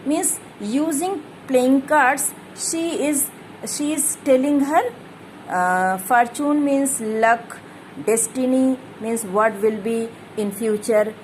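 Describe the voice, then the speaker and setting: A woman teacher explains a play's scene very slowly, stopping to define each difficult word. Her voice sits fairly high and she often restates her points. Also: lively intonation, darkish tone, a little hiss or hum, low-quality recording. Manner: explains hard words one by one, repeats herself. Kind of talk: explaining a play to students.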